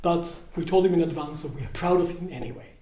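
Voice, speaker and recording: A man leading a seminar workshop, telling personal stories in an animated way and acting out the dialogue, with big swings between soft and loud. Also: a little high, quick pace, roomy sound. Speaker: workshop leader. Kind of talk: storytelling seminar talk. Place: seminar room at a retreat house.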